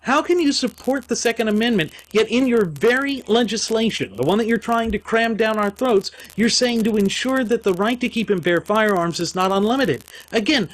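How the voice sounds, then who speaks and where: A man's voice: sits high, rough recording. A man co-hosting a political talk show, speaking emphatically and indignantly with rhetorical questions. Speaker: podcast co-host. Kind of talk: political commentary.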